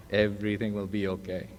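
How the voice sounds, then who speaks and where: A man's voice: fairly low pitch, darkish tone, a little hiss or hum. Man telling funny stories in an echoing hall. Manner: self-deprecating storyteller, acts out quoted voices. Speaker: recovery meeting speaker. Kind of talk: humorous personal testimony. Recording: live talk in a reverberant hall.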